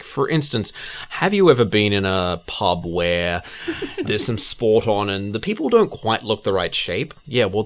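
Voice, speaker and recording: Dry man, low voice. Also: fairly bright tone. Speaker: podcast co-host. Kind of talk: casual film chat.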